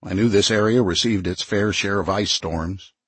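A man reads first-person fiction in a low, very husky voice. His delivery is measured and even. The recording is close and dry, with no room sound. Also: no room sound. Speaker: audiobook narrator. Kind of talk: scripted first-person narration.

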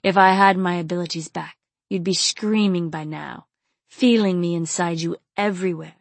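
A woman voicing a dominant male lover who is an inhuman king, speaking in a low, slow, husky murmur. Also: steady tone, no room sound. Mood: husky, urgent.

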